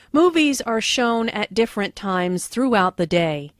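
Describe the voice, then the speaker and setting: Slow, carefully enunciating woman teacher. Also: mid-range voice, lively intonation, no room sound, clean studio sound. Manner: slow, deliberate, clearly enunciated. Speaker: lesson narrator and dialogue reader. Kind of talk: scripted language-lesson narration.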